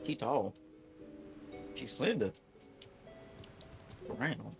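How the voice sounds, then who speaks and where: A man's voice: fairly low pitch, lively intonation, fairly quick, music in the background. A man casually commenting as a gaming streamer, making joking, playful asides.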